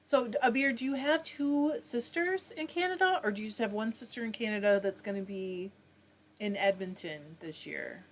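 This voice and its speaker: A woman with a slightly high voice, speaking at normal speed, hosts a casual fiber arts livestream from home. She reads viewer comments aloud and answers them in a chatty way.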